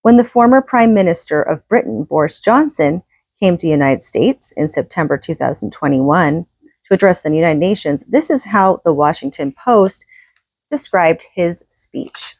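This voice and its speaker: Woman reader-commentator, low-ish voice, conversational, opinionated, dry sound. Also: animated, moderate pace, a little mellow, no echo. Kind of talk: casual commentary on a book reading.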